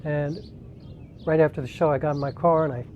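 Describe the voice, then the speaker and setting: A man's voice: on the high side, steady tone, fairly quick, muffled recording, a little hiss or hum. A man from the New York area, a singer, telling a personal family story in a conversational way, with frequent "um" and "like". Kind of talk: casual personal storytelling to camera.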